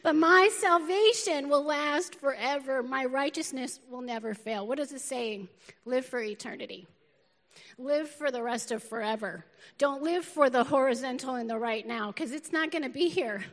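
A middle-aged woman pastor preaching a lively, feisty sermon and laughing often, recorded in a church auditorium. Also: high-pitched, moderate pace. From northern United States. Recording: long reverb of a large hall.

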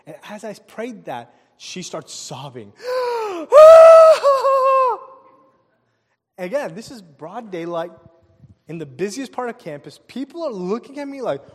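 A man preaching a sermon, telling a personal story with animated delivery, asking the crowd questions and chuckling often. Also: high-pitched, normal speed, husky. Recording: long hall reverb.

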